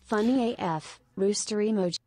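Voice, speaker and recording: Woman reading donation messages, even delivery, mid pitch, dry close sound. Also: moderate pace, dry recording, soft background music. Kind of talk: flat read-out of viewer messages.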